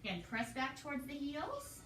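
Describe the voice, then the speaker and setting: A woman leading a yoga class, calmly counting breaths and cueing each pose. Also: high voice, normal speed, far from the mic, slight background noise. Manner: calm, counts breaths and cues poses. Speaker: yoga instructor. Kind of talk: guided yoga class instruction. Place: hotel room. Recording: echoey room, voice from afar, music behind.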